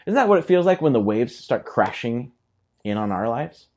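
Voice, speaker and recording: A man preaching a sermon as a pastor, animated, acting out quoted voices with laughs. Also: mid-range voice, normal speed. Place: church.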